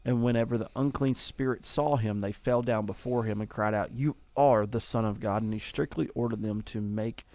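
A man's voice: medium pitch, steady tone, moderate pace, few pauses, dark tone, no room sound. A man who preaches, chatting on a church talk show and reading scripture aloud, with frequent laughs and restarted sentences. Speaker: pastor and co-host. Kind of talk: casual chat and Bible reading.

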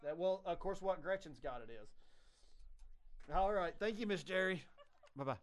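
A man's voice: sits high, animated, moderate pace. A man hosting a radio trivia show in a casual, rambling way, often correcting himself and laughing.

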